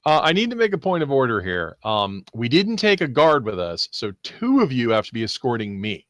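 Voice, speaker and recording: A man playing a tabletop game, argumentative and quick to raise points of order. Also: mid-range voice, huge pitch swings, fairly bright tone, no room sound. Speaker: player. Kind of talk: tabletop role-play.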